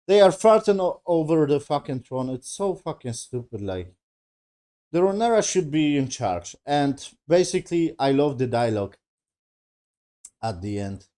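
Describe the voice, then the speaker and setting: Swearing man with a mellow voice. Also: medium pitch. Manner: rambling, swears freely, paraphrases scenes loosely; broken non-native English grammar. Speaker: TV show reviewer. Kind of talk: casual spoken episode review.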